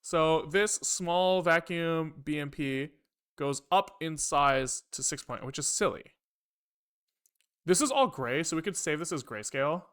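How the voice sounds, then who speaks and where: A man with a fairly high voice talks casually while he codes on a live stream. He thinks aloud, rambles, swears freely and tosses dry asides to his viewers. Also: expressive, a little slow, a bit bright, smooth. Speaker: programming livestreamer. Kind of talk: casual live coding talk.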